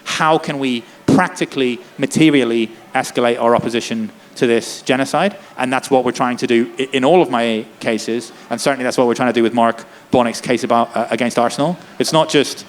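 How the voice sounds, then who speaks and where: A man speaking with passion and urgency, a lawyer and activist, peppering his talk with "like" and "right?". He speaks in a festival tent, with a faint hum of noise behind him. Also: medium pitch. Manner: impassioned, rapid, many "like" and "right?" tags. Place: festival tent before an audience.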